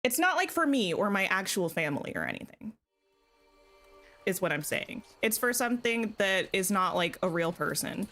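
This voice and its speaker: A woman's voice: medium pitch, animated, normal speed, fairly bright tone, soft background music. A woman streaming a video game, chatting casually and thinking aloud as she plays. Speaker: gaming streamer. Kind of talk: casual gameplay chat.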